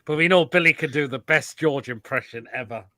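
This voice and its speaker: A man's voice: a little high, a little fast, noisy background. A man hosting a live football chat show, bantering casually with guests over a video call and swearing freely.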